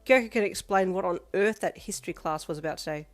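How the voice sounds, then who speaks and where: A woman voicing a playful, energetic teenage girl who talks loudly and teases. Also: on the low side, fast talker, faint music behind, lightly acted. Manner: bright, loud and teasing.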